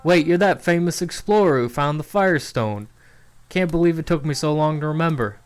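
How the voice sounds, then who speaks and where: A man voicing a big, cheerful, poor desert villager man who talks in a friendly, gently reassuring way. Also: fairly high pitch, expressive, brisk, clear, resonant tone, soft background music, voice pushed up, lightly acted.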